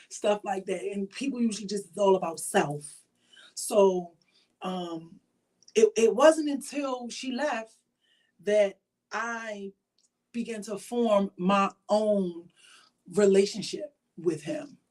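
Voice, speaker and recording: Earnest woman host talking to camera. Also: medium pitch. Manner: earnest, heartfelt, faith-driven; casual with frequent fillers. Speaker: show host. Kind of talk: personal talk to camera.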